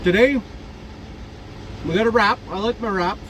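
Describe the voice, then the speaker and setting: Man, forties, trucker vlog chat, high voice, rambling jokey stories, faint traffic outdoors. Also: normal speed, a bit bright. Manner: rambling, jokey storytelling with fillers and laughs. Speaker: trucker vlogger.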